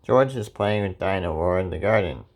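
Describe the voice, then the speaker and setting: A man reading a children's picture book aloud in a slow, clear storytelling way. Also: low voice, animated. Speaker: reader.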